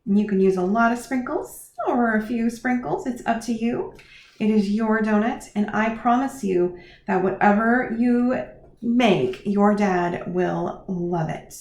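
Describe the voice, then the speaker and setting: A woman teaching young children in a lively, sing-song manner, encouraging them and talking straight to them. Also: medium pitch, measured pace, echoey room. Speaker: preschool teacher. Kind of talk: children's lesson.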